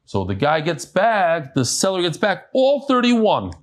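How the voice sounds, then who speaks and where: Casting: man giving a Talmud lecture, lively rising-and-falling voice, somewhat high, chatty. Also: a little slow. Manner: animated, chatty explanations with asides. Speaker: Talmud teacher. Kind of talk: daf yomi lecture to a live class. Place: study hall with a live audience.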